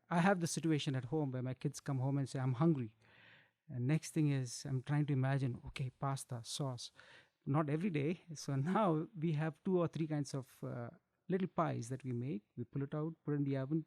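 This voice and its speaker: A man's voice: mid-range voice, fairly quick, vocal fry, a little mellow, no room sound. A middle-aged man, a chef and guest, chatting casually and chuckling, often restarting his phrases. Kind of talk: casual chat.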